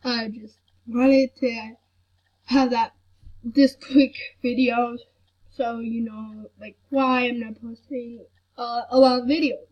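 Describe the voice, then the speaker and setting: Woman, sick, husky and breathy, slow rambling chat, dull lo-fi phone recording. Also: fairly high pitch, little pitch movement. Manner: soft-spoken, rambling with many fillers. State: sick with a headache. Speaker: vlogger. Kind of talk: casual chat to camera.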